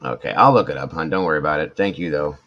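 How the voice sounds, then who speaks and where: A man in his forties chats casually on a live stream, answering viewers in a rambling, self-mocking way full of restarts. His voice sits low and deep. The audio is dull and lo-fi. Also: quick pace. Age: 40s. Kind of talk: casual chat reading viewer comments.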